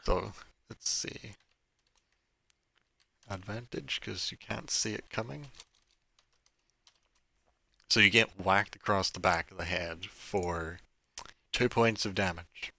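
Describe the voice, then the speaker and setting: A man's voice: low-pitched, takes it slowly, vocal fry, pauses often, bright, forceful tone. A man narrating a tabletop game as dungeon master, casual and full of fillers. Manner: casual, with many fillers like "like" and "kinda".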